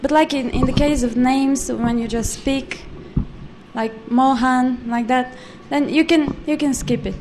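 High-voiced woman teaching pronunciation. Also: a little mellow, slight background noise. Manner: patient, corrective, repeats words slowly and precisely. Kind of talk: live class lesson.

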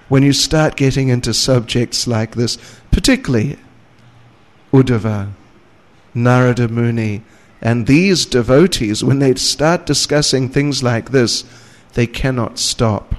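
A man's voice: medium pitch, slow. A man giving a scriptural lecture, retelling a story and reading verses with rising emphasis, with light chuckles. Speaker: spiritual teacher.

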